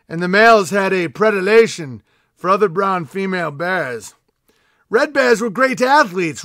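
A man's voice: high voice, a bit bright, no room sound, studio quality, voice pushed up, heavily acted. A man voicing a grandiose male panda bear herald, proclaiming in a pompous, mock-epic reading.

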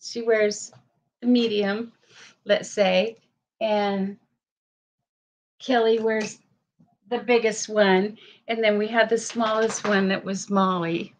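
Slow-talking teary woman vlogger. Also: mid-range voice, level tone. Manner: chatty, tearful, talks to her dogs. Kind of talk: casual livestream chat. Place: home.

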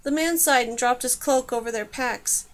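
A woman reads a fantasy novel aloud in a steady, measured way. Her voice sits high and light. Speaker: audiobook narrator. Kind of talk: scripted fantasy narration.

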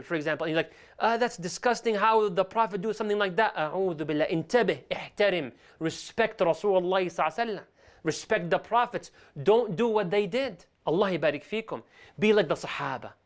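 A man teaching a religious lesson as a sheikh, talking animatedly and switching between English and Arabic. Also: sits high. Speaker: sheikh teaching Islamic stories.

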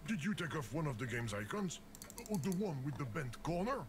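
A man's voice: a little high, big pitch swings, brisk, noisy background. An actor voicing the game itself as a fussy male narrator who keeps scolding the player, with theatrical outbursts. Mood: flustered. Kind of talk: video game voice acting.

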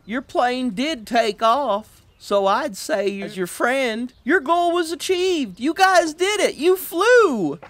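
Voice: high-pitched, lively intonation, a bit bright, no echo, voice pushed up, heavily acted. A reader voicing a kindly, sensible man in a storybook read-aloud. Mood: encouraging. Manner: measured, reassuring.

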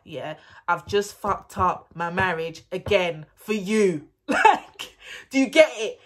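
A young woman telling a story in a casual, animated way, laughing often and dropping into a hush to act out texts. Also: on the low side, slow. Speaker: vlogger.

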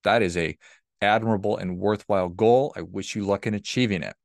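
A man voicing a polite, curious woman traveler who speaks gently. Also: on the low side, a little fast, vocal fry, no room sound, studio quality. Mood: kind.

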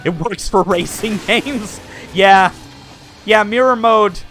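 A young man streaming a video game, commenting loudly, swearing and laughing at what happens on screen. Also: sits high, slow pace, over music. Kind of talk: live gameplay commentary.

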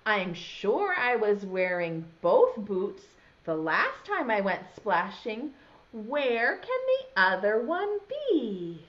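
A woman's voice: mid-range voice, slow, slight background noise, voice pushed down. A woman voicing an eager little boy in a picture book who exclaims as he searches. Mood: earnest. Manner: excited, exclaiming. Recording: dull lo-fi sound.

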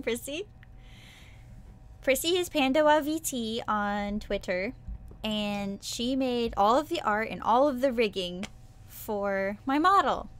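A woman's voice: a little high, a bit bright. A woman streaming as a VTuber, chatting casually and playfully with her viewers, breaking into squeals and cutesy sound effects. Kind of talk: casual livestream chat.

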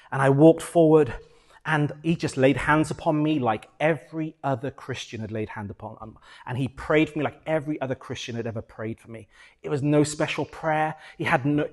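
A middle-aged British man, a pastor, preaching a sermon and telling his own story with lively ups and downs, acting out his prayers. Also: fairly high pitch.

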